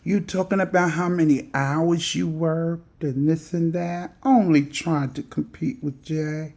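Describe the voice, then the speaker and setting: A woman's voice: sits low, steady tone, a little slow, vocal fry, hardly any pauses, darkish tone. A woman vlogger calling out another vlogger in a sassy, scolding, teasing way.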